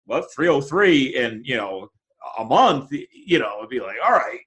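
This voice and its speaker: A man's voice: mid-range voice, very animated, measured pace, a bit bright. A man hosting a podcast who chats casually and jokes, often restarting his sentences. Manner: chatty, joking, many restarts. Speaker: podcast host.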